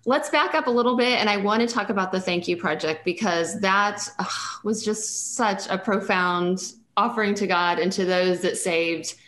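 A woman hosting a podcast interview, affirming her guest often and talking quickly and effusively when she gets excited. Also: mid-range voice. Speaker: podcast host. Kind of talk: conversational interview. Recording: roomy echo.

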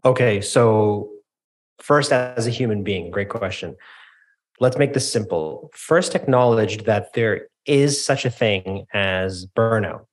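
Lower-voiced man giving keynote-style advice. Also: slow. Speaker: podcast guest, keynote speaker. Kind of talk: interview conversation.

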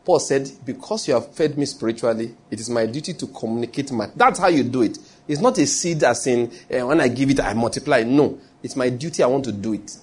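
A middle-aged man with a Nigerian accent, preaching a sermon and telling lively stories with acted quotes. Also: mid-range voice, brisk, slightly rough. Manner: animated storytelling preaching with acted quotes and pidgin asides. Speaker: pastor.

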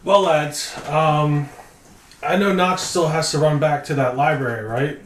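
A man playing his character in a tabletop game, relaxed and rambling. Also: on the high side, a little slow, a little hiss or hum. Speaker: player. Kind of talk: in-character tabletop role-play. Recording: roomy echo.

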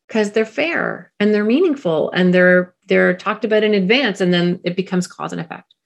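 Middle-aged woman, parenting expert guest, lively delivery, slips into quick character voices. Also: mid-range voice. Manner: animated, acts out parent and pilot voices. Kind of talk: podcast interview, explaining.

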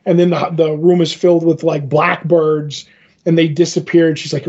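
A man's voice: a little high, level tone, normal speed, darkish tone, lo-fi sound. A man co-hosting a podcast, recapping a comic book issue in a casual, rambling way with many fillers. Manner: retells a comic with filler words and restarts. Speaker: podcast co-host.

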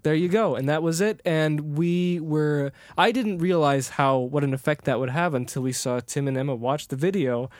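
A man's voice: fairly high pitch, moderate pace, few pauses, darkish tone, no echo, clean studio sound. A man co-hosting a podcast, telling a rambling story in casual chat, with frequent restarts and laughter. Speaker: podcast co-host.

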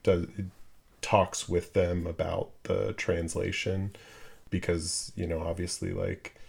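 A man with a very low, gravelly voice talks about films in a casual podcast chat. His delivery stays flat and even, and he stops and restarts often, filling pauses with ums. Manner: hesitant, many fillers and restarts. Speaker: podcast co-host. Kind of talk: casual film discussion.

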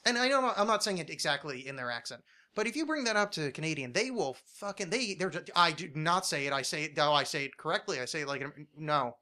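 A man hosting a podcast, talking casually and ranting with plenty of swearing. His voice is bright and forceful and sits a little high for a man. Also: lively intonation, fast. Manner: ranting, swears a lot, many restarts. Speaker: podcast host.

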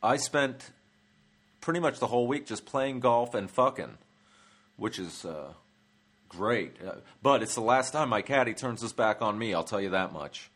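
A man's voice: mid-range voice, expressive, normal speed, a bit bright. Rambling, profane male comedian host. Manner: rambling, profane, many fillers. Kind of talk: comic travel monologue.

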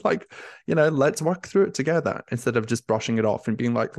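A man's voice: medium pitch, expressive, brisk, gravelly, darkish tone, dry recording, studio quality. A young man, a nurse turned career coach, talking openly and emotionally in an interview, with lots of "like" fillers. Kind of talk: candid conversational interview.

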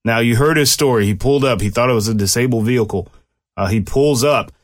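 A man's voice: medium pitch, fast. A man who speaks as a police officer, explaining a police shooting case to viewers in a loose, conversational way with restarts. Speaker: commentator and former police officer. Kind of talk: casual commentary on a case.

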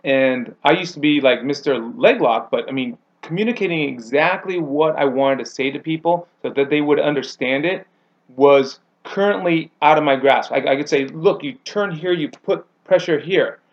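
A man's voice: moderate pace, muffled recording. A man who coaches grappling, chatting on a podcast and acting out quoted people with big jumps in his voice. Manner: animated storyteller, acts out quotes with big pitch jumps. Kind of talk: casual podcast chat.

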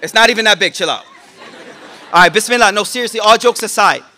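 A man giving a lively, joking sermon to a class, speaking in casual slang. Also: high voice, quick pace, a faint crowd. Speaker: sheikh giving a talk. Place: room with a listening audience.

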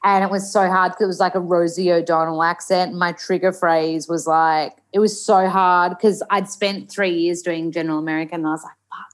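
An Australian woman trained as an actor, a podcast guest who chats in a lively, laughing way and swears casually while trying an American accent. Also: fairly low pitch, a little fast, few pauses. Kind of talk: casual chat.

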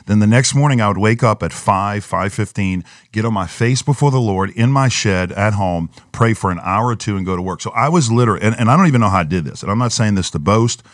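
A man's voice: lowish voice, lively intonation, quick pace, hardly any pauses, no echo, studio quality. A man, a pastor, telling an earnest personal story in a podcast conversation and acting out the voices in his head.

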